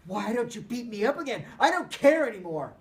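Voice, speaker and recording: A man voicing a frightened, furious teenage boy who shouts and sobs. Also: very high voice, sing-song, fairly quick, recorded from a distance, voice pushed up, heavily acted. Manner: screaming, sobbing, shouting.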